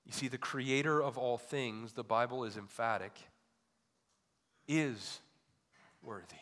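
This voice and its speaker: A male pastor delivering a sermon, asking repeated rhetorical questions and swinging between loud emphatic peaks and quiet low drops. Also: fairly even intonation, moderate pace. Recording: long hall reverb.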